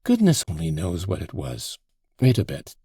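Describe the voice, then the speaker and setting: Guy doing an upset young ex-soldier getting grilled, defensive, snaps up high, gravelly audiobook voice, dry close sound. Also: huge pitch swings, moderate pace, no room sound, full character voice. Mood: evasive. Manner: defensive, flaring into loud outbursts. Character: agitated young ex-soldier under interrogation, defiant.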